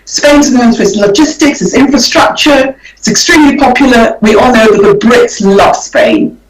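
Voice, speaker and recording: On a radio interview, a woman guest talks property investment in a relaxed way at a normal speed, frequently repeating words while thinking. Her voice is on the high side, and the off-mic recording sounds distant and roomy.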